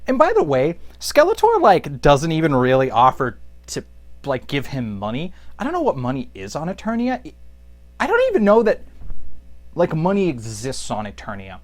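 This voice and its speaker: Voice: medium pitch, wildly swooping pitch, normal speed. A comic reviewer recapping a comic in a casual, rambling, jokey way with many fillers.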